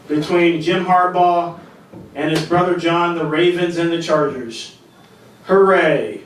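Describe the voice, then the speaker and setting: Man, stand-up comic, rambling and self-deprecating, slightly high voice, echoey club room, distant mic. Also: slow, slight background noise. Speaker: stand-up comedian. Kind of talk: open-mic stand-up set. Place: comedy club stage. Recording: echoey club sound from far off.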